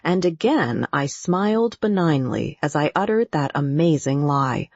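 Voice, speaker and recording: A woman narrating an audiobook in a measured, deliberate way. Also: low-pitched, very animated, gravelly, a little mellow, dry recording. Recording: dull, muffled audio.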